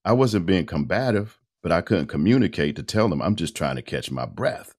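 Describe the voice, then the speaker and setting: A man in his fifties, a radio host and voice-over artist, telling his story in a casual, animated interview with colloquial phrasing. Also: low voice, moderate pace. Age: 50s.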